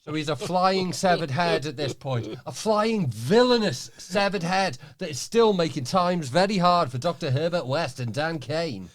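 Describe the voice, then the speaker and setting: Male podcast guest with a higher-pitched voice, lively and crude-humored. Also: moderate pace, few pauses. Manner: animated, crude and jokey. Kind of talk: casual film chat.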